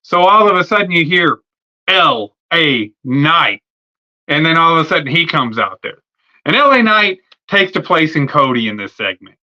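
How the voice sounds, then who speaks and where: Sharp-voiced man ranting on a dull stream. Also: on the high side, very animated, a little fast. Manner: profane, rambling, filler-heavy. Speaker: wrestling podcast host. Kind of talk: casual fantasy-booking rant. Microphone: streaming setup mic.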